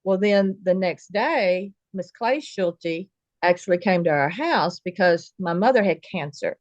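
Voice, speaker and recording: A woman's voice: lowish voice, expressive, a little slow, no echo, dull audio. A woman telling a true personal story in a casual, folksy way, acting out the dialogue of the people in it. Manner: vivid, folksy retelling with quoted dialogue.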